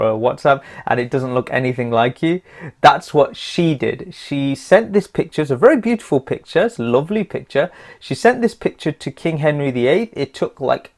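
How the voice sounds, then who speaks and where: A man's voice: medium pitch, a little mellow. Chatty man teaching a lesson. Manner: chatty, jokey, repeats words, many fillers. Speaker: test-prep tutor. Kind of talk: casual video lesson.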